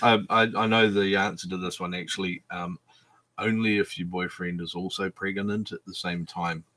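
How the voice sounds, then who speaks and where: A man hosting a livestream panel chat, answering silly questions with deadpan, absurd jokes. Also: low-pitched, normal speed.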